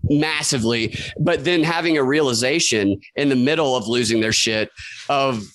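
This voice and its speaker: A man's voice: mid-range voice, normal speed, fairly bright tone, no echo, low-quality recording. A man co-hosting a podcast, telling a story in a rambling, casual way and swearing freely. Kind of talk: casual chat.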